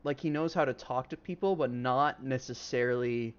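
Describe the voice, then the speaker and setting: A man's voice: mid-range voice, moderate pace, smooth, highs cut off. A man narrating as game master in a casual, rambling way, full of fillers and the odd swear word.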